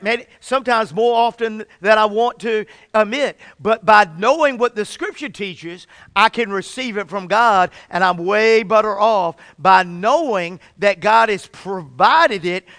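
A fervent male preacher with a high, smooth, resonant voice. He often restarts his phrases and stretches his key words slowly. The sound is close and dry. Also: sharp tone, dry recording. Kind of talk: sermon.

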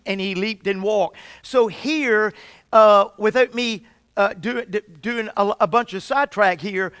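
The preacher's voice is high, smooth and resonant, with a fairly bright tone, as he fervently delivers his sermon. Restarted phrases and slowly elongated key words mark his style, and the sound is close, dry and without room reverb.

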